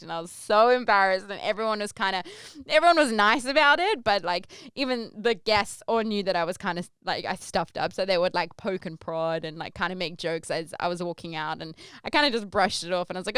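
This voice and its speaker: A woman's voice: mid-range voice, fairly quick, smooth, no room sound, studio quality. Chatty woman telling a story. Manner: animated, acts out quoted voices. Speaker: podcast host. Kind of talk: casual storytelling.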